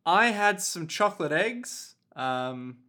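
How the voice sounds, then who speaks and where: Playful man with a lively, swooping voice. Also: high voice, takes it slowly. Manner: playful, goofy, breaks into silly voices. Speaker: podcast co-host. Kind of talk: casual podcast chat.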